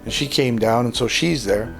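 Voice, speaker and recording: A man, speaking at an ordinary middle pitch, recounts a personal experience in an interview. He talks casually, with plenty of "uh" and "like", and acts out the voices in his story. Soft music plays faintly behind him. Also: normal speed, creaky. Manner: lively storyteller who acts out dialogue, with many "uh" and "like" fillers. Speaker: guest sharing his life story. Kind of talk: personal testimony told in an interview.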